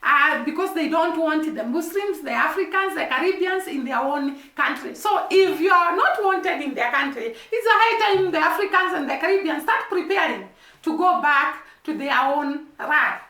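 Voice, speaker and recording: A woman's voice: high-pitched, animated, normal speed, bright, forceful tone. A woman giving casual commentary as a vlogger, earnest and repeating words for emphasis. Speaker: vlogger commenting on news and gossip. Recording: roomy echo.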